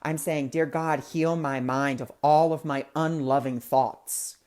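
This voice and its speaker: A man's voice: on the high side, fairly even intonation, measured pace, a little mellow, smooth. Guy hosting a spiritual chat, earnest and loose, lots of "like" and "you know", does little voices for people in his stories. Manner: earnest, conversational, acts out quoted people; loose filler-heavy phrasing. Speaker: host of a spiritual discussion show. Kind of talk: casual spiritual teaching with personal stories. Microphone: webcam or phone mic, livestream.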